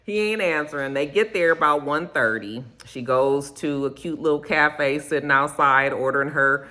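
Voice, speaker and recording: A woman chatting through a reality-show recap to camera, telling it with sassy slang and drawn-out emphasis. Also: deep voice, pushed and bright.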